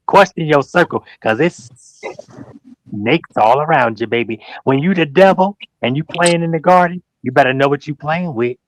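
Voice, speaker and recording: A man's voice: on the high side, moderate pace. A man talking as a guest on a livestream, calling people out in an emphatic, preachy way, repeating his points and acting out what others said. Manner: slangy, animated storytelling with mock quotes. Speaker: guest on a livestream talk show. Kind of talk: heated livestream call-out talk.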